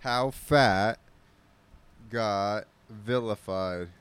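A man co-hosting a podcast in casual chat, animated and joking, swearing freely. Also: fairly low pitch, drawn-out words, smooth. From Georgia, USA. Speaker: podcast co-host.

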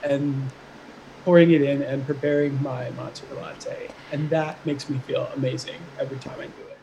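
A young adult podcast guest in casual chat, relaxed and chatty, often laughing. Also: mid-range voice, moderate pace, noisy background.

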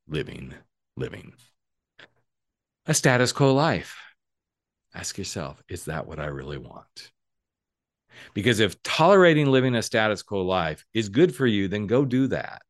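Emphatic low-voiced male podcast host. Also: no room sound, clean studio sound. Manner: emphatic, swings between bright stresses and low asides. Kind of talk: solo motivational podcast talk.

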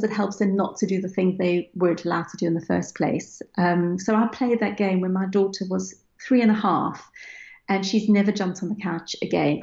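A woman's voice: medium pitch, creaky, darkish tone. Woman guest, earnest explainer, playful asides; echoey, dull lo-fi recording. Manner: explains earnestly, acts out playful parent voices. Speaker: parenting expert guest. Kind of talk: conversational interview answers. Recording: roomy, dull lo-fi sound.

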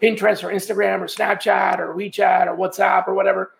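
A man's voice: sits high, flat delivery, fairly quick, creaky. A man speaking as a podcast guest, explaining his working methods step by step in a casual, conversational way with frequent restarts. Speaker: guest, sourcing trainer.

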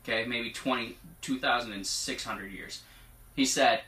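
Man, preacher, chatty and laughing, sometimes hushed and emotional, echoey room, distant mic. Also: mid-range voice, unhurried. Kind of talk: informal prophetic teaching with scripture reading.

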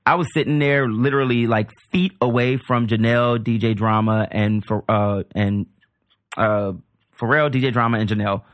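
A male comedian, a podcast guest, telling an animated, rambling story in casual chat. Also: mid-range voice, normal speed, dry recording, studio quality.

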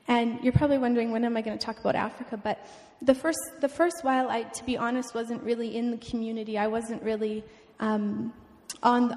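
A young woman giving an emotional, earnest personal testimony at a mission event, often halting and restarting. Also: a little high, darkish tone. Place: church event hall. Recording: long hall reverb.

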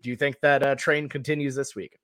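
A man hosting a casual sports podcast, quick to laugh and full of hesitant fillers. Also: medium pitch, level tone, a bit bright, no echo, studio quality. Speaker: podcast host.

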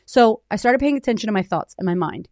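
A woman in her thirties, a podcast host and coach, giving a candid, high-energy motivational talk full of swearing. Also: animated, fast, darkish tone, dry recording, clean studio sound.

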